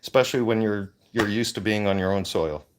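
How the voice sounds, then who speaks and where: A veteran livestreamer with a lowish voice rants angrily into a handheld phone, talking a little fast. His tirade is heated and full of profanity.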